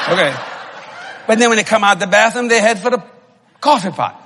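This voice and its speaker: A man preaching a humorous sermon to a congregation, telling comic stories, laughing and often shouting. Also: high-pitched, a little fast, long pauses, in a large hall. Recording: live audience laughter and room noise.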